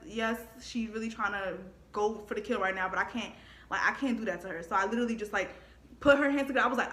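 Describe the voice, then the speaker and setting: Bright, animated young woman telling a story. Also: mid-range voice, fairly quick. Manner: animated, laughs often, acts out quotes. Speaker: vlogger. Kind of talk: casual storytime monologue. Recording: echoey room.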